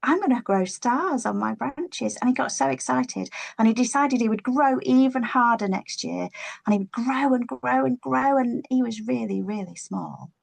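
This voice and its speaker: Female storyteller, expressive children's tale, playful delivery. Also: on the high side, creaky. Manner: expressive, playful, drawn-out words.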